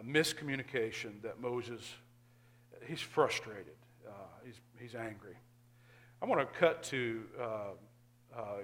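Pastor guy preaching, emphatic then going soft, mid pitch. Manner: earnest, emphatic preaching with sudden drops to quiet asides. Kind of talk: sermon.

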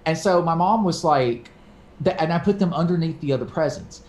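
A man telling a story in casual podcast chat, animated and swearing casually, acting out quoted voices. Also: fairly high pitch, fairly quick, roomy sound. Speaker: podcast co-host.

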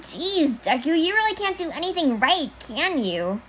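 A bratty little anime boy, high-pitched and sneering, with a lively bouncing delivery, as a young woman puts him on. There's faint room hiss in the background. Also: normal speed. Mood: scornful.

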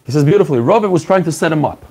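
A man teaching a Talmud class, talking quickly and with excitement, mixing in Hebrew and Aramaic terms and acting out the rabbis he quotes. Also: fairly high pitch, breathy edge.

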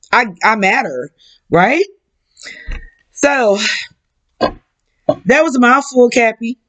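Woman psychic reader, unhurried and drawn-out delivery, frank and plain-spoken, mid-pitched voice. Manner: slow, drawn-out, blunt and frank with casual swearing. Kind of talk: relaxed spoken reading for viewers.

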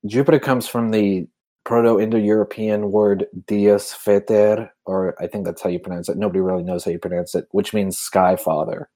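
A man's voice: on the low side, steady tone, moderate pace, dark tone, no room sound. A man co-hosting a casual podcast chat, wry and joking, often laughing along. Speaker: podcast co-host.

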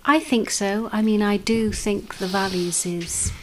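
Woman guest, mid-pitched voice, thoughtful and hesitant. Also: fairly even intonation, measured pace, a little hiss or hum. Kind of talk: casual chat.

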